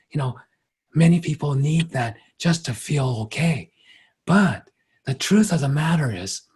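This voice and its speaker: Speaking as a spiritual teacher, a man with a husky, slightly high voice gives a calm, reflective workshop talk. His pace is unhurried and full of pauses, though quoting others brings out a livelier tone.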